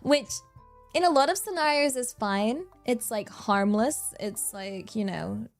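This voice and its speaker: A woman chats casually on her stream, animated and quick to laugh as she rambles from thought to thought. Her voice sits a little high. Soft music plays faintly behind her. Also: vocal fry. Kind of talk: casual chat.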